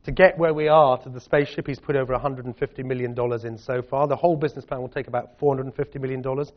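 A man's voice: mid-range voice, fairly even intonation, racing. A middle-aged Scottish man answering audience questions in a chatty, self-deprecating way. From Scotland. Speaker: guest speaker. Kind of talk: public talk and Q&A. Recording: dull lo-fi audio.

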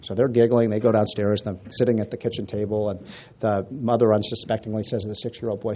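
A man's voice: on the low side, fast. Guy rambling through a political talk, jokes and stories, lots of restarts, slightly muffled audio w faint hiss. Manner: rambling, animated storyteller with restarts. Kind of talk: casual speech with jokes.

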